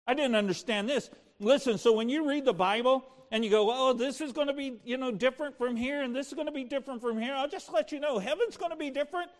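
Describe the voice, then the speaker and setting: Impassioned preacher with a high voice. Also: male voice, big-room sound. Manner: impassioned preaching with soft storytelling. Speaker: pastor. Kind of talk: sermon.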